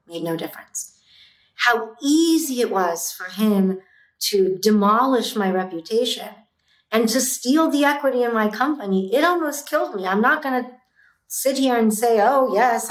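A middle-aged woman, an entrepreneur, telling her story in an interview, intense and emphatic. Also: medium pitch. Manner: intense, emphatic, swears when fired up. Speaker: guest, entrepreneur. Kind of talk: emotional interview talk. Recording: roomy echo.

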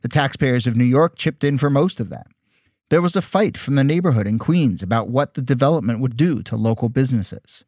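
A man's voice: medium pitch, lively intonation, brisk, darkish tone, no room sound, studio quality. A man hosting a podcast, narrating in a wry, conversational and skeptical way. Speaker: podcast host. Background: faint music.

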